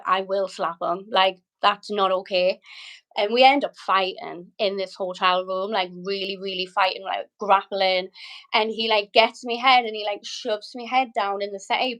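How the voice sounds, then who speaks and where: A woman's voice: mid-range voice, fairly bright tone, poor audio. A British woman, a podcast guest, tells a personal story with vivid emotion, frequent swearing and many "likes". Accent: British English. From Britain.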